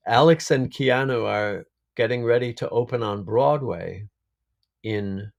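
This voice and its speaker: A man, an actor being interviewed, speaking in an unhurried, reflective way and laughing often over a video call. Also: mid-range voice, gravelly. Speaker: actor guest. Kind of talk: casual interview chat.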